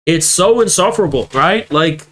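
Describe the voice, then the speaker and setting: A man's voice: fairly high pitch, expressive, normal speed, fairly bright tone, slight background noise. A young man streaming, who reacts to a clip with mocking, profane commentary that keeps getting more heated. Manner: mocking, swearing, growing heated. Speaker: political streamer reacting to clips.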